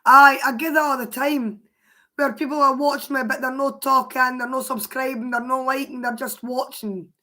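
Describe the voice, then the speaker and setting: A Scottish woman with a hoarse, worn voice, chatting casually on a livestream and answering her viewers' comments aloud. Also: high-pitched, steady tone, normal speed, bright, forceful tone. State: hoarse, voice mostly gone.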